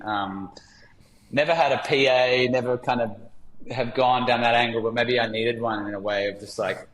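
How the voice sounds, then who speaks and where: A man, a podcast guest telling stories in a candid, relaxed way with many fillers. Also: mid-range voice, moderate pace, reverberant, slight background noise, low-quality recording. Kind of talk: reflective storytelling in conversation.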